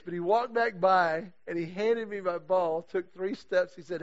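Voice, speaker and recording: A middle-aged man preaching to a men's group, his voice sitting high for a man. He tells stories with lively animation and acts out the people he quotes. The recording sounds dull and lo-fi. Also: normal speed, few pauses. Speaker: guest speaker leading a men's series. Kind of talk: storytelling sermon talk.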